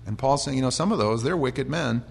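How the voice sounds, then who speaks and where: An American man preaching a conversational Bible sermon, chatty with restarts, sometimes building to loud, impassioned storytelling. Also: mid-range voice, a little fast, creaky, slightly rough. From United States. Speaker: pastor.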